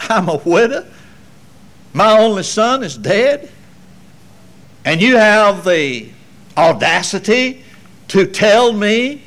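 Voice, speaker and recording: A man preaching a sermon, swinging between loud emphatic passages and low, quiet asides. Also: expressive. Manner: slow deliberate delivery with folksy asides.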